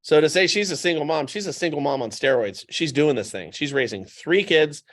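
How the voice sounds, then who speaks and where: A man with a fairly high voice talks as a guest on a casual podcast. He tells stories with animation and drives points home by repeating them. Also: brisk. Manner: animated anecdotal storytelling; emphatic, repeats points for effect.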